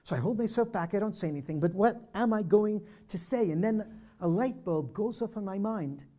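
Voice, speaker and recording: Older man telling a story, mellow voice. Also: high-pitched, animated, normal speed. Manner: vivid storyteller acting out dialogue. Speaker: speaker at a peace dialogue presentation. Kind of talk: personal storytelling talk. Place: church hall presentation.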